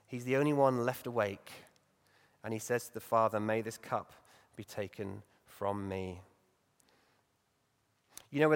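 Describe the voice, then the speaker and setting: A male preacher giving a Sunday morning sermon in a reflective, conversational way, growing animated as he acts out Bible stories. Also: medium pitch. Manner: reflective, conversational, lively when acting out stories. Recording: long reverb in a large hall.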